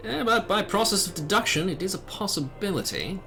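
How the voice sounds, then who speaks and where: A man's voice: high voice, expressive, a little fast, vocal fry, sharp tone, soft background music, voice pushed up, heavily acted. A man voicing a formal, helpful male watchman with old-fashioned phrasing, read from a game.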